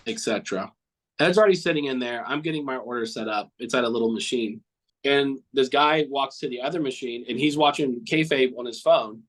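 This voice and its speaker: The recording is low quality, capturing a man's mid-range, slightly bright voice. As a cartoonist guest in an informal, heartfelt interview, he reminisces about a friend, earnest and rambling, often repeating himself and swearing here and there.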